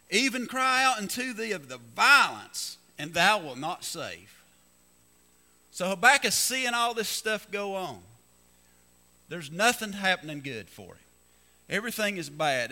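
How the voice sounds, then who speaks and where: A man preaching a sermon as pastor, reading scripture slowly and building emphasis. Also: high voice, pushed and bright, big-room sound. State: coughing, slightly hoarse.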